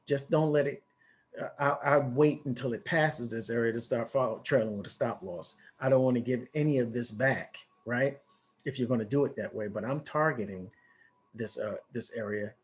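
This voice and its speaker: A man who walks viewers through a live trade as a trading educator. He talks in a casual, excitable way, with quick exclamations and a lot of restarts. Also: mid-range voice.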